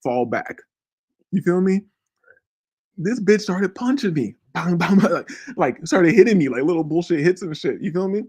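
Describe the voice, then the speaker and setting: A man's voice: sits high, lively intonation, moderate pace, a little mellow, husky. A man hosting a podcast, telling a crude, profane story in a rambling way and often checking in with the listener. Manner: profane, rambling, keeps asking "you feel me". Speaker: podcast host.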